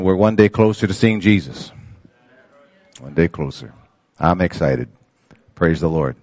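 An older male pastor with a low, darkish voice preaches a sermon, captured with no room sound. He calls out to his congregation and reads scripture aloud with rising emphasis.

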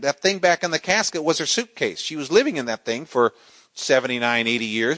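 A middle-aged man preaching a sermon, swinging from loud, soaring exclamations to quiet storytelling. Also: mid-range voice, lively intonation, a little fast, dry recording.

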